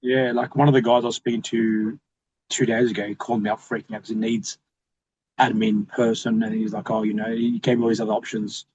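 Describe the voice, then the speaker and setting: A man's voice: lowish voice, flat delivery, fairly quick, darkish tone, dull audio. A man hosting a podcast, chatting informally and often saying "like". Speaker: podcast host. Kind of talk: casual podcast conversation.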